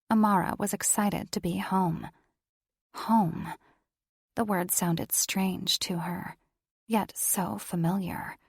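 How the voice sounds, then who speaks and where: A woman narrating a paranormal romance audiobook in measured, steady storytelling. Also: medium pitch, creaky, no room sound, studio quality. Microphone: studio microphone.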